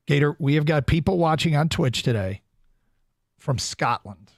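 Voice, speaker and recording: A man's voice: fairly high pitch, lively intonation, moderate pace, creaky, dry recording, studio quality. A man hosting a sports radio show, chatting casually and rattling off plugs with fillers. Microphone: studio microphone.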